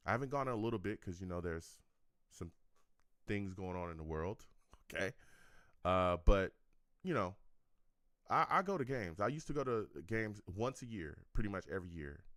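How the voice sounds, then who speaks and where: A man's voice: medium pitch, no room sound, clean studio sound. A young man hosting a sports live stream, reading viewer comments in a casual chat and repeating himself with frequent laughs. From California. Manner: animated, laughs often, repeats phrases.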